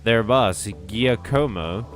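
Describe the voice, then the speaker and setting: A man's voice: medium pitch, slow, soft background music, close to an everyday voice. A man reading the lines of a secretive mission strategist, giving orders in a matter-of-fact briefing tone.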